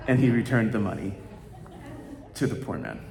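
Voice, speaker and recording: A male pastor telling a story in a sermon, in a halting way with many ums and uhs. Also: lowish voice, big pitch swings, vocal fry, reverberant, in a large hall, background noise.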